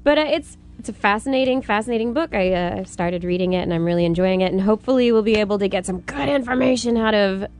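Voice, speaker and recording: A woman's voice: mid-range voice, fast, hardly any pauses, a little mellow. A woman co-hosting a college radio science talk show, bantering and laughing often. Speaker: co-host.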